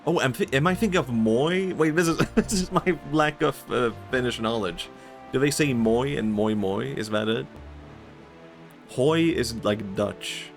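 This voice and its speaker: A man's voice: medium pitch, measured pace, creaky. A young Swedish man with a Swedish accent, chatting casually and laughing often while streaming a game. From Sweden. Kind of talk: casual gaming stream chat. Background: faint game music.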